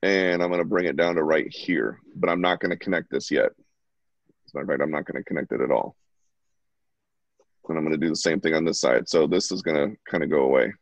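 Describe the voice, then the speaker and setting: A bass-voiced man talks fast while sketching at home during a casual, chatty live drawing lesson he's teaching. The recording is dry, dull, and lo-fi.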